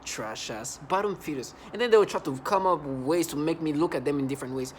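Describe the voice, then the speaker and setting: A man's voice: a little high, quick pace, hardly any pauses, a little hiss or hum. A man vlogging an angry monologue, agitated and repetitive, often stumbling and restarting his sentences.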